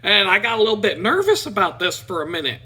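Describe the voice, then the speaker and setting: A middle-aged man telling a personal story on his vlog, animated and playful. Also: sits high, fast, breathy edge. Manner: animated, playful, mimics people in quotes. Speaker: vlogger.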